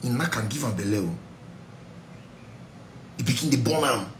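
A man's voice: mid-range voice, expressive, normal speed, reverberant, a little hiss or hum, poor audio. A Nigerian-accented male pastor teaching a Bible study sermon in an exhortative way, slipping into pidgin asides. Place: church.

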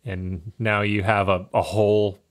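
A man's voice: on the low side, flat delivery, unhurried. A man narrating and running a tabletop game as game master, casual and laughing often.

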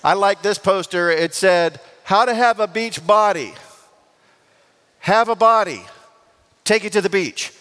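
A man, preaching a lively sermon full of jokes and questions to the congregation in a large church. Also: high-pitched, a little slow, long pauses. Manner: lively and joking, asks the congregation for responses. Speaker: pastor. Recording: long church reverb.

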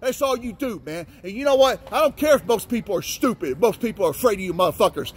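A man in a car shouting a profane, angry rant at police. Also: sits high, expressive, fast, breathy edge. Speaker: vlogger. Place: in a car driving by.

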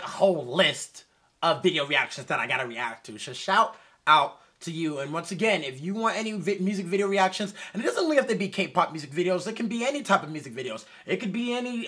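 Animated man reacting loudly to a music video. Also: sits high. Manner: animated, talks straight to viewers, shifts between loud excitement and quiet mumbling. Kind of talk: casual reaction commentary.

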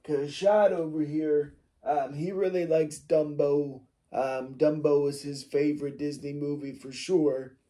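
A man impersonating a smug older male football executive, with a raspy, smoke-worn voice and slow, boastful rambling. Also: on the high side, fairly even intonation, warm tone, natural voice. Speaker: mock interview guest.

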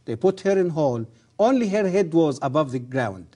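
Man, middle-aged, earnest, halting grammar, fairly high voice, mellow tone, religious TV guest. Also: very animated. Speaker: guest, former professor. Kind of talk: religious TV interview.

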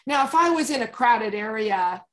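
Dog trainer lady on an interview, a bit high pitched, calm but emphatic, laughs a lot. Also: normal speed. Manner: calm, emphatic, laughs often, acts out commands. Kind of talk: conversational interview.

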